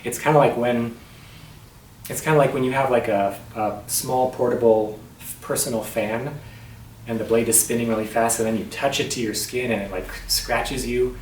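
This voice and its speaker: Strained, halting man in an echoey room. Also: mid-range voice, fairly even intonation, darkish tone, far from the mic, slight background noise. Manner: halting, with frequent restarts and throat clearing. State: strained voice with catches in the throat. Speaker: vlogger sharing his voice disorder. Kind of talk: personal vlog storytelling.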